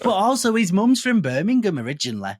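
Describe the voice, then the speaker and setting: A man with a Manchester accent, co-hosting a podcast and telling animated, sweary stories in casual chat. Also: high voice, quick pace, no room sound. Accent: Manchester English. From Northern England. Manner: animated storyteller who swears freely. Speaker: podcast co-host.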